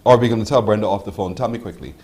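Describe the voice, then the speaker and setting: A man's voice: on the low side, rapid-fire, darkish tone. Playful Barbadian male morning show host. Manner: playful, laughs a lot, teasing. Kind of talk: lively live-show chat with a caller.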